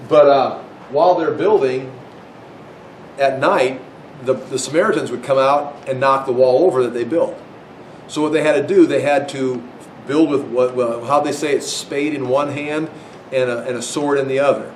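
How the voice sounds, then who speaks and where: A man's voice: steady tone, normal speed, distant mic. Man teaching Bible history in an echoey room. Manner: conversational, acts out quoted voices, frequent restarts. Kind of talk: informal Bible lecture. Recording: echoey room with faint rumble.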